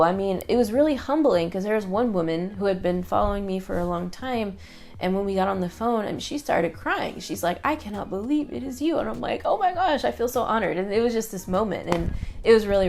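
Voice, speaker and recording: A woman's voice: medium pitch, gravelly, darkish tone. A woman talking to camera in a casual vlog, chatty and upbeat, with lots of fillers and quoted asides. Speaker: online business creator.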